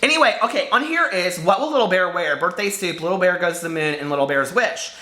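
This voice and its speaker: A man's voice: sits high, expressive, fast talker, pushed and bright. A man chatting casually to camera about books he loved as a child, gushing, giggly and nostalgic. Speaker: book vlogger. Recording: echoey room.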